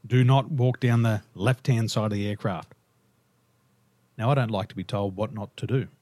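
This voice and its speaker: An Australian man, a guest on an interview, telling lively stories and laughing through them. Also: lowish voice, normal speed, no room sound. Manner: animated, laughs through his own stories. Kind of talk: casual storytelling interview.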